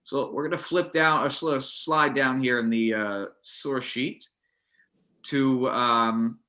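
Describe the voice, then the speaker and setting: A man teaching a text study class, animated, with many restarts, acting out the verses. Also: medium pitch, takes it slowly.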